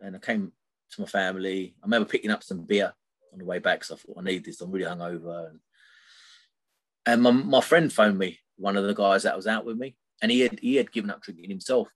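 Man, middle-aged, lowish voice, rambling candid storytelling, lots of fillers. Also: quick pace. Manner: rambling, tags sentences with "right?", many fillers. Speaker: podcast guest.

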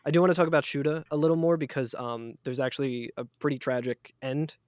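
A man's voice: mid-range voice, steady tone, fast talker, a little mellow, dry recording. A man chatting casually as a podcast guest, winding through a long story full of "um" and "like". His voice sits in a middling register and sounds dry and close, with no room around it. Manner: rambling, many fillers and restarts.

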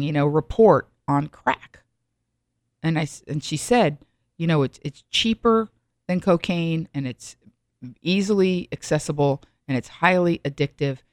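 A woman's voice: lowish voice, darkish tone, dry recording. Rambling middle-aged woman, dry sound. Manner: rambling, with frequent restarts and asides. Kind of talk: reflective solo monologue.

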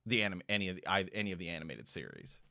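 A man co-hosting a podcast, chatting casually and trailing off into quiet asides. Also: low-pitched, sing-song, rapid-fire, gravelly, no room sound, studio quality. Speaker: podcast co-host. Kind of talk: casual fan discussion.

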